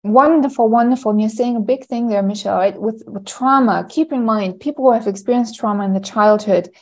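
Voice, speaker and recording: Woman podcast coach, animated and playful, higher pitch. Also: a little fast, low-quality recording. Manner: animated, playful, acts out little scenes. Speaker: anxiety coach co-host. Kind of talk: casual podcast chat.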